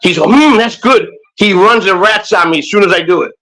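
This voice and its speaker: Gravelly older man rambling jokingly. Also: sits high, fast talker, sharp tone, poor audio. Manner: rambling, joking, restarts a lot. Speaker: co-host. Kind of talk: casual morning chat show.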